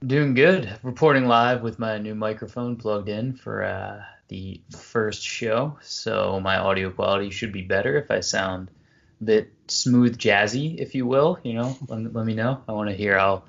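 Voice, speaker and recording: A man in his twenties co-hosting a casual podcast, joking and relaxed with some halting restarts. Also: fairly low pitch, gravelly, muffled recording. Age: 20s. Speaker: podcast co-host.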